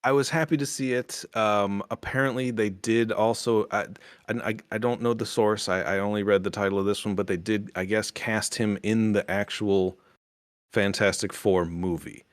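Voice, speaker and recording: A man's voice: on the low side, fairly even intonation, normal speed, no room sound, studio quality. A man hosting a casual podcast review chat, rambling with lots of fillers and restarts. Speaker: podcast host.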